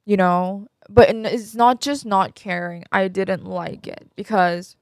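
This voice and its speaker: A woman's voice: mid-range voice, fairly even intonation, a little slow, hardly any pauses, darkish tone, dry recording, clean studio sound. A woman in her twenties hosting a podcast, talking candidly and emotionally about her own life in a rambling way with many fillers. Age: 20s. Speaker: podcast host. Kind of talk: candid personal chat.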